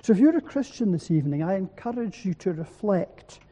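A man preaching an evening sermon in a church, slow and solemn, using emphatic repetition. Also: high voice, big pitch swings, warm tone, in a large hall.

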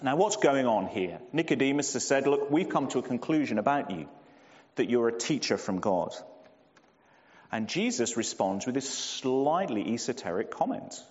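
A man preaching a sermon, measured and emphatic, slowing down and dropping low on key phrases. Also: very animated. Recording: dull lo-fi sound in a long-reverb hall.

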